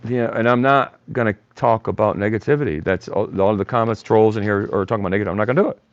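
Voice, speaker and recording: A man's voice: lowish voice, fast talker, dry recording, lo-fi sound. A man hosting a live stream, talking bluntly and combatively while reading and answering chat comments. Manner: blunt, combative, mocks chatters by name. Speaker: livestream host.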